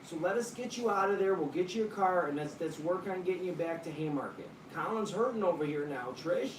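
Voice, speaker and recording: A woman's voice: fairly low pitch, animated, fairly quick. A woman on a phone call, talking earnestly and urging someone to make a choice. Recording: roomy room, distant mic, faint noise.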